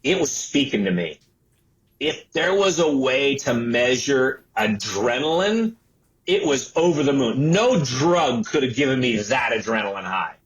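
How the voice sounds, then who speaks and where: A man in his sixties recounts his early career as an interview guest, at a middle pitch. He tells the story with animated energy and slips into the voices of the people he quotes. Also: unhurried, muffled recording. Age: 60s. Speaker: entrepreneur and author guest.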